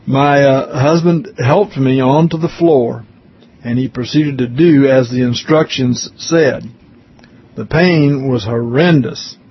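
Guy reading out a testimony real slow, kinda husky, dull lo-fi sound. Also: mid-range voice. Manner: slow, earnest reading with brief spoken comments. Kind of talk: reading a written testimony aloud with asides.

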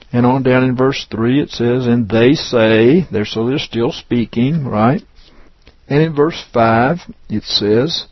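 A man preaching a sermon, reading scripture and teaching with slow, deliberate emphasis on key words. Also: medium pitch, husky, no room sound, dull audio.

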